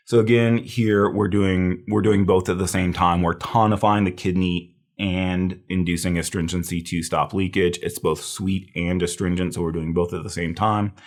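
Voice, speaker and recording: A man lecturing on herbal medicine in a casual, thinking-aloud way, with fillers and restarts. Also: low-pitched. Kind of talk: recorded review lecture.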